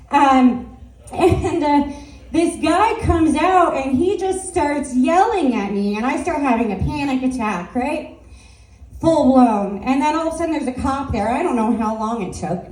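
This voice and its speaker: A woman telling rambling stand-up stories at an open mic, loud and chatty, full of fillers and little laughs. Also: sits high. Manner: loose rambling storytelling with frequent fillers and laughs; loud, asks if she should tone down her voice. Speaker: stand-up comedian. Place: small live venue with an audience. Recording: roomy sound from a distance.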